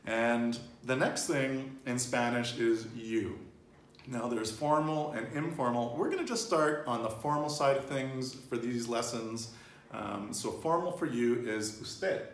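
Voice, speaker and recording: In a relaxed Spanish lesson, a man with a mid-range voice speaks a little slowly, patiently prompting his learner and echoing her answers back. The recording sounds roomy, picked up by a distant mic with faint noise.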